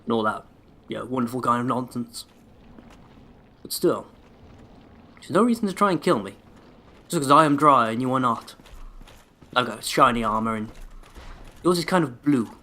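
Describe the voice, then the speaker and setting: A man's voice: medium pitch, lively intonation, moderate pace, long pauses, pushed and bright. A man giving sarcastic, sweary running commentary while he plays a video game. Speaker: let's play host. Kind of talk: gameplay commentary.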